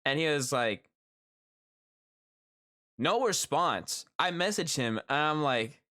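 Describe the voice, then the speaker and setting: A man's voice: fairly high pitch, slow. Casting: male streamer, slangy and profane, voice leaps all over the place. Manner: animated, slangy, swears freely, breaks into laughter. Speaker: live streamer. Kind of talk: casual storytelling chat.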